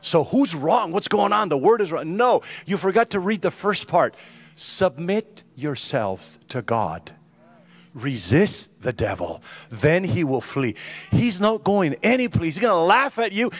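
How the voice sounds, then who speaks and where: An older man, a pastor, preaching a sermon in a church, animated and joking with some irony and many restarts. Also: high voice. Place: church sanctuary.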